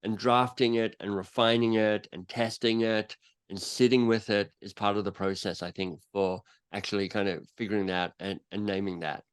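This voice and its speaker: Clear and resonant, this man's fairly low voice moves at a normal speed. As a guest author and coach on a podcast interview, he tells stories animatedly and performs little quotes as he talks.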